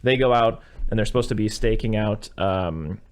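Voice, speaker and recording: A man's voice: fairly low pitch, normal speed. Rambling man recapping a film plot. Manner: rambling, filler-heavy, swears casually. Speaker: podcast host. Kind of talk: casual movie-recap chat.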